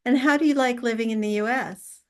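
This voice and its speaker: A woman's voice: on the high side, a little fast, a little mellow. A woman hosting a podcast, asking her guest questions and adding short encouraging replies. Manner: brief encouraging interjections and questions. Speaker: podcast host. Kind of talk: interview.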